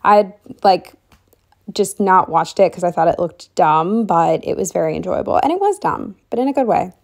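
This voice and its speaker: A woman's voice: lowish voice, normal speed, gravelly. A young woman chatting casually through a planner spread, rambling with lots of fillers and running short of breath. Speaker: planner vlogger. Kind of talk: casual planner walkthrough voice-over.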